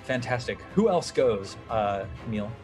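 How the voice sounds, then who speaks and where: A man running an old-school tabletop game as game master, upbeat and animated as he narrates and cheers on the players. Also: medium pitch, measured pace, faint music behind.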